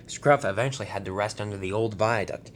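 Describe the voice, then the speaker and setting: A man's voice: fairly low pitch, brisk, slight background noise. A man narrating a toy train story in a plain manner, sometimes restarting sentences.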